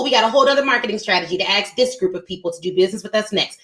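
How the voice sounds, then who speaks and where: Woman, thirties, emphatic business pep talk, preachy, lively pitch, echoey room. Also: racing. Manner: emphatic, preachy, addresses listeners as y'all. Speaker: podcast host.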